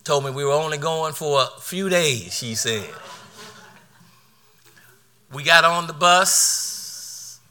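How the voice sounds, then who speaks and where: High, bright-voiced preacher man. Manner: storytelling, laughing through the tale, repeats words. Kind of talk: sermon with personal story.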